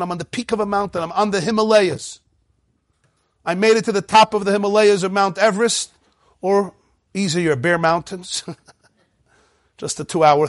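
A man teaching a lively Torah class, reading Hebrew passages and acting out dialogues in changing voices. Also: high-pitched, dry recording, clean studio sound. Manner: mixes Hebrew text readings with English explanation.

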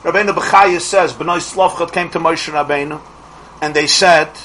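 A middle-aged man teaching a Torah class as a rabbi, asking rhetorical questions and restarting his phrases quickly. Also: fairly high pitch, steady tone, sharp tone, slight background noise, poor audio.

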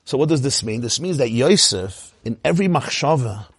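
A man giving an animated lecture on Hasidic teaching as a Torah teacher, firing rhetorical questions and often laughing. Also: medium pitch, normal speed, husky, no room sound.

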